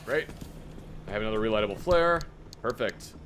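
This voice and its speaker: A man giving casual live gameplay commentary as a streamer, talking to himself and breaking into excited outbursts. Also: fairly quick, slight background noise. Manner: excitable, talks to himself, sudden squeaky outbursts.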